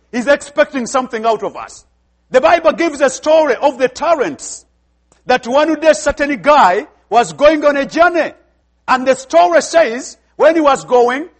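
A man from Africa with an African accent, preaching a sermon emphatically and asking the congregation questions. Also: very high voice.

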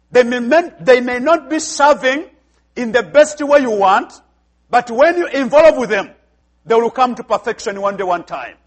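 A man from Africa with an African accent, preaching a sermon emphatically and asking the congregation questions. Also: very high-pitched.

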